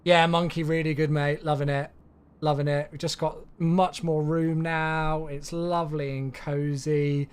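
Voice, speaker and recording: A man's voice: on the high side, flat delivery, a little slow, clean tone. A man streaming a flight simulator, chatting in an easygoing way and answering viewers' questions aloud, a bit sleepy and yawning. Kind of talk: casual live-stream chat.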